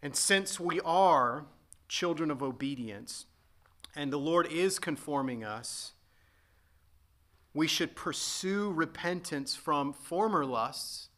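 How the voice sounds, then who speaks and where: A man's voice: fairly high pitch, expressive, slow pace, a bit bright. A man preaching a sermon as pastor, earnest and emphatic, often repeating and restating his points.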